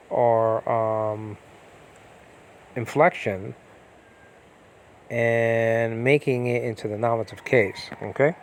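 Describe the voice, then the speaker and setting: This is a low-quality recording with slight background noise of a man whose voice sits at medium pitch. Teaching Biblical Greek grammar from his home as a storm goes on, he keeps the online lesson casual, drifting into asides, talking to himself, and leaning on fillers.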